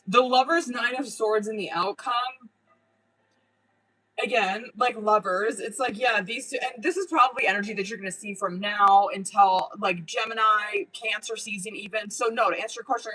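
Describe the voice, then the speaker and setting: A woman's voice: mid-range voice, moderate pace, poor audio. A young woman doing a live-stream tarot reading, chatty and casual, with lots of filler words, frequent laughs and the odd curse. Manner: chatty, casual and profane, full of "like" and "um"; animated, laughing often. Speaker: tarot reader.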